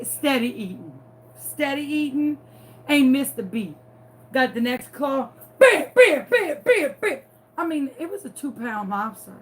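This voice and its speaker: A woman's voice: high voice, fairly bright tone. A woman from New Orleans with a Southern accent, telling a playful, dramatic story as she crafts. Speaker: crafting vlogger. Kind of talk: chatty storytelling while crafting.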